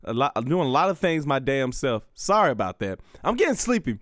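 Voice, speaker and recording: A man's voice: medium pitch, very animated, fairly quick, a bit bright, no room sound, studio quality. A young adult man, a stand-up comedian, talking casually to camera in a rambling, profane way full of stammered restarts.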